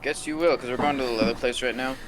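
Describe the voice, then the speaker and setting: A man's voice: medium pitch, fairly even intonation, fast talker, a crowd in the background, low-quality recording. A man playing in a tabletop game, talking out of character in a blunt, casual way. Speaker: player.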